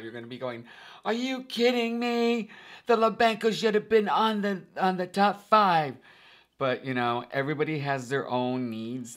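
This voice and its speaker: A man with a fairly low-pitched, fairly bright voice hosts his own tarot vlog, chatting animatedly and casually with viewers. He laughs often and keeps calling them "guys."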